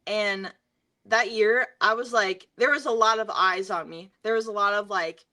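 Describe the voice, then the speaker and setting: Bright-voiced chatty young woman. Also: mid-range voice, moderate pace. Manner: chatty, filler-heavy, laughs often while telling stories. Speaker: guest singer. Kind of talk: casual interview storytelling.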